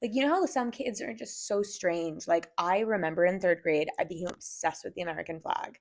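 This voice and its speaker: A woman in her thirties hosting a podcast, talking in a casual, animated way and saying "like" a lot. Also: on the low side, a little fast, creaky. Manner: animated, heavy use of "like", laughs often. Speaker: podcast host. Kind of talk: casual chat.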